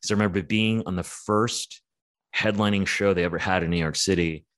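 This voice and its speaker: Low-voiced man chatting about metal. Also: steady tone, a little fast, a bit bright. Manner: rambling, profane, full of fillers. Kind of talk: casual chat.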